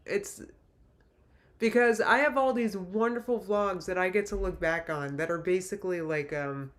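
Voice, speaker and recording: Emotional rambling woman livestreamer. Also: mid-range voice. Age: late 30s. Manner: rambling, emotional, many restarts. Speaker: YouTuber livestream host. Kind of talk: casual livestream chat reading comments.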